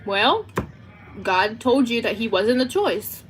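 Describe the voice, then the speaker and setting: A woman's voice: fairly high pitch, big pitch swings, slow. A teenage girl with a Southern US accent, chatting and giggling to her livestream chat. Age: teens. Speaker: livestream host.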